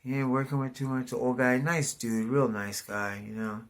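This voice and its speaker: A middle-aged man telling a rambling, profane story, saying "dude" constantly and jumping up loud when excited. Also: medium pitch, normal speed. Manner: animated, voice jumps up in excitement. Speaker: vlogger. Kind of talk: casual storytelling monologue.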